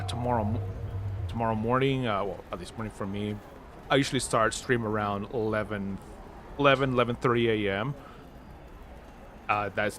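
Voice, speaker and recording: A gaming livestream host with a lowish voice and a fairly bright tone chats casually, rambling with many fillers and restarts and quick laughs. There's slight background noise along with game music.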